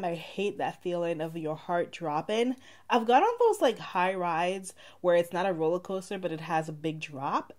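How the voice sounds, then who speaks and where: A young woman with a mixed Saint Lucian and Bronx accent, chatting casually to her viewers in a rambling get-to-know-me vlog. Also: on the low side. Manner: chatty, rambling, many "like" fillers. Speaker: vlogger.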